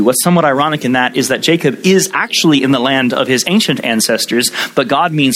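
A man's voice: mid-range voice, fast, few pauses, a bit bright, poor audio. A male preacher teaching a Bible passage as a sermon, telling the story conversationally with humorous asides.

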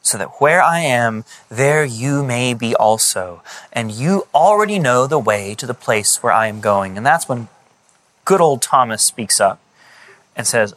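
A man preaching a sermon, retelling scripture in lively conversational paraphrase. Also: mid-range voice, measured pace.

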